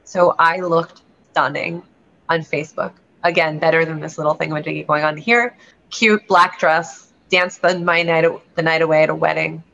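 A woman's voice: low-pitched, steady tone, moderate pace, gravelly, a bit bright. A woman, a realtor and guest on a show, telling a candid personal story in an earnest, rambling way with frequent restarts. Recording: lo-fi dull sound.

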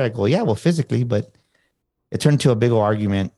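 Male guest, motivational speaker; lowish voice, casual storytelling, acts out the dialogue. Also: fast talker. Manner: animated, acts out quoted dialogue.

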